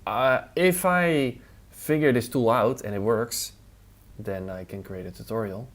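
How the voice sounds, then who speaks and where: Medium pitch and a measured pace mark this man's voice. He's a streamer casually testing design software, muttering his thoughts and fielding viewer questions from chat between tasks while a relaxed playlist runs.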